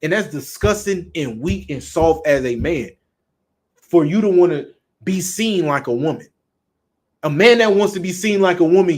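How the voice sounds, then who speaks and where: A man's voice: on the high side, a little mellow. A man with a Southern US accent preaching bluntly and emphatically, with frequent profanity. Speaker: street preacher. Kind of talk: preaching talk.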